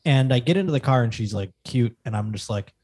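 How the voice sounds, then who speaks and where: A man's voice: medium pitch, fast. A man chats casually and tells a story, jumping into the voices of the people he quotes. He often pokes fun at himself. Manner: animated storyteller, acts out quotes, self-mocking. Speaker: guest. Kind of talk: casual chat.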